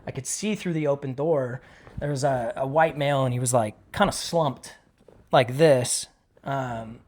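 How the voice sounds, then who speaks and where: A man's voice: mid-range voice, unhurried, a little mellow. A middle-aged man, a retired police dog handler, casually and profanely retelling a tense street encounter in an interview, acting out the dialogue.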